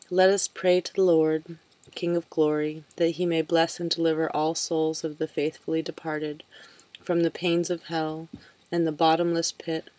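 Woman reading as a tired old priest, slow solemn prayer cadence, low dry voice. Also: a little mellow, dry recording, natural voice. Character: weary elderly male priest leading a funeral.

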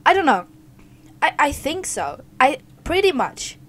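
A woman's voice: high-pitched, big pitch swings, unhurried. Scared young woman reacting to a horror game. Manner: jumpy, scared, swears and screams. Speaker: gaming video creator. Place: dark home basement.

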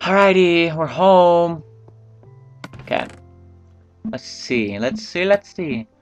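A man's voice: on the high side, expressive, slow pace, dull audio. A young man with a stuffy nose hosting a casual, profane let's-play, talking to himself and laughing. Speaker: gaming channel host. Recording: faint game music behind.

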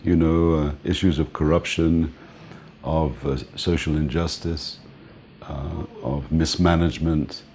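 An older man interviewed as a music manager, telling relaxed stories and often laughing and saying "man". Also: a bass voice, a little slow, a little hiss or hum. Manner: relaxed, reminiscing, often says "man", laughs between points. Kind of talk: casual storytelling interview.

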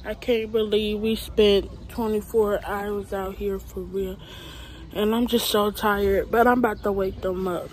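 A woman's voice: medium pitch, fairly even intonation, measured pace, a little mellow, slight background noise, low-quality recording. Chatty young woman vlogging from a porch. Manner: slangy, chatty, laid-back. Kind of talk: casual chat to camera. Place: outdoors on a porch at night.

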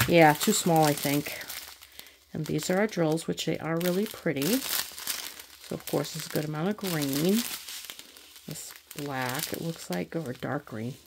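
A middle-aged woman with a slightly low voice talks through her unboxing in a tired, rambling way, stopping and restarting as she thinks aloud. A faint hiss sits under the recording, with packaging crinkling now and then. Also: a little mellow. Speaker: crafting channel host. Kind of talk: casual unboxing chat.

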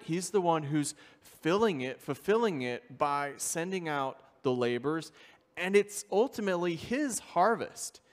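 A man preaching a sermon as a visiting missionary, earnest and steady, reading scripture aloud in old-fashioned wording. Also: fairly high pitch, in a large hall. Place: church sanctuary.

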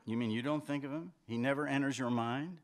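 A brooding, evasive husband with a very low voice that still swings widely in pitch, read by a male author. He halts and stammers, then turns defensive, in a literary dialogue reading. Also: sing-song. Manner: hesitant, halting, defensive. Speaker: fiction author reading aloud.

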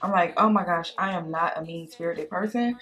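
A woman vlogger chatting casually while doing makeup, telling a date story in a sassy, animated way and calling the listener girl and baby. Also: fairly low pitch, a little fast, soft background music. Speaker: beauty vlogger. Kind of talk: casual storytime chat during makeup tutorial.

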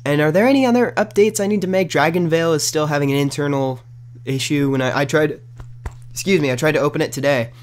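A man giving casual, rambling gameplay commentary at home into a new desk microphone, breaking into loud outbursts at the game. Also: fairly high pitch, fast talker. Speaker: gaming commentator. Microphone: new desk condenser microphone.

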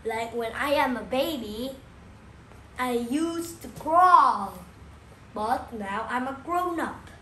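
A woman with a slightly high, expressive and fairly bright voice walks young children through a lesson very slowly. She keeps repeating the new words and asking questions to check they follow. Her voice echoes in the room over a faint hum.

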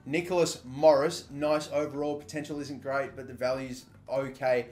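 A young Australian man giving live, excitable commentary on a football video game, swearing often and shouting at big moments. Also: mid-range voice, moderate pace. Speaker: gaming YouTuber.

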